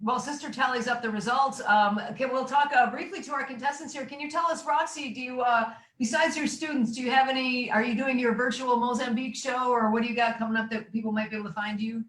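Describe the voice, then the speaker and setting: Brash, teasing woman host on a video call, high voice, echoey room. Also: steady tone, a bit bright. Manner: brash, teasing, quick asides. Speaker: game show co-host. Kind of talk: comedic game show hosting over video call.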